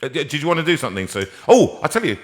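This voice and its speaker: A man's voice: fairly high pitch, big pitch swings, racing. A man hosting a live stream from a piano room, chatting and telling jokes in a rambling, self-mocking way. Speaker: singer and host of a live stream. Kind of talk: casual chat between songs. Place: music room with a grand piano.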